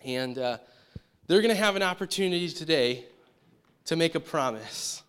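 Bright-voiced animated male pastor. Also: a little high, moderate pace, smooth. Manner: conversational storytelling, animated, rhetorical questions. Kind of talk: sermon. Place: church sanctuary.

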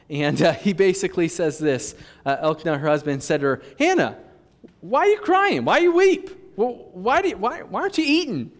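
A young man preaching a sermon as pastor, in a casual, conversational way with quick asides. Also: fairly high pitch. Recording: long reverb in a large hall.

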